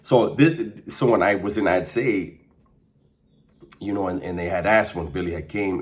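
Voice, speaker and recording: Deep-voiced laid-back man. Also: normal speed. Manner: laid-back, slangy, laughs while telling. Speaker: storyteller recounting prison life. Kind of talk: casual storytelling monologue.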